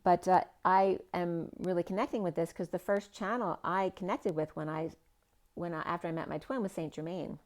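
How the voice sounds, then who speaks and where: Meandering woman tarot reader, lowish voice. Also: fairly even intonation, normal speed, darkish tone. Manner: rambling, free-associating, with many fillers and trailing phrases. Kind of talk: spiritual tarot reading monologue.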